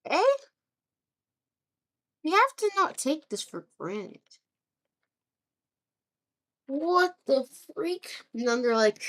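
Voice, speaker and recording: A woman improvising a rambling story narration, acting out groups of people in quick quoted asides. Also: high-pitched, very animated, a bit bright. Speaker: map series narrator.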